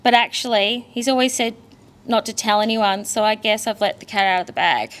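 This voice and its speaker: A woman's voice: medium pitch, fairly quick, fairly bright tone. A young Australian woman, the daughter, giving a candid, emotional funeral eulogy full of family stories. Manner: emotional, candid, storytelling with laughs.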